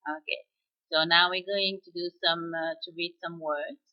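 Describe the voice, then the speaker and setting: A woman giving a slow, deliberate pronunciation lesson and demonstrating each sound. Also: on the low side, little pitch movement, lo-fi sound. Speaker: French pronunciation teacher. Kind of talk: slow spoken language lesson.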